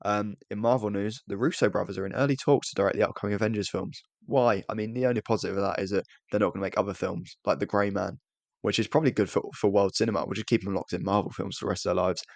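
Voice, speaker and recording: A man's voice: fairly low pitch, fairly even intonation, fast talker, gravelly, no echo. A young British man co-hosting a podcast in casual chat, rambling and self-deprecating with frequent restarts. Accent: British English. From Britain. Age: young adult. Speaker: podcast co-host.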